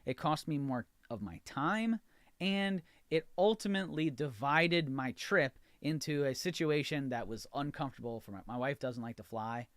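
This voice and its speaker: A man's voice: mid-range voice, moderate pace, dry recording. An American man hosting a podcast, telling a frustrated story in a ranting monologue and acting out both sides of the conversations. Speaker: podcast host.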